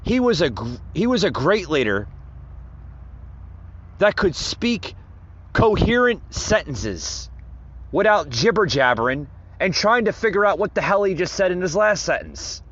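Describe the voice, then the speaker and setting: Sarcastic guy ranting on his podcast, pitch all over the place, kinda dull lo-fi sound. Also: big pitch swings, measured pace, a bit bright. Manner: sarcastic, ranting, addresses listeners as folks. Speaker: podcast host. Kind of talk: political commentary monologue.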